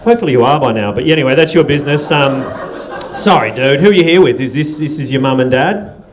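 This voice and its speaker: Swearing Australian comedy host working the crowd. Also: male voice, medium pitch, expressive, quick pace, background noise. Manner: loose, swearing, teasing the crowd, laughing often. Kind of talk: stand-up crowd work. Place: comedy club stage.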